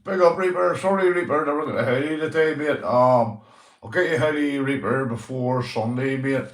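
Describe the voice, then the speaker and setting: A man's voice: mid-range voice, fairly quick, echoey room. A young man with a Northern Irish accent, hosting a casual livestream, greeting viewers and swearing freely, calling everyone mate. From Northern Ireland. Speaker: livestream host.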